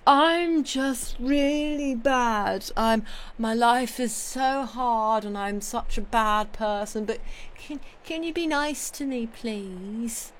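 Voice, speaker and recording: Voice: medium pitch, voice pushed up, natural voice. A streamer mocking a whiny self-pitying man. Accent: British. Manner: drawn-out pleading whine.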